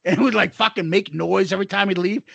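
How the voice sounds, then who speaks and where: A man's voice: high voice, fast, vocal fry, a bit bright, no echo, dull audio. A middle-aged man co-hosting a podcast, telling profane school stories in casual chat and laughing through them. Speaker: podcast co-host.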